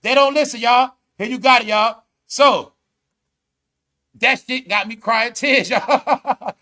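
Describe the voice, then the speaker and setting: A man's voice: extremely high pitch, slow pace, pushed and bright. A man giving casual, profane vlog commentary and breaking into laughter often. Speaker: online commentator.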